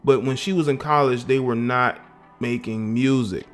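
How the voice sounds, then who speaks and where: A man's voice: medium pitch, steady tone, moderate pace, soft background music. A man from the American South giving emphatic, indignant political commentary on his own vlog, often restarting his phrases.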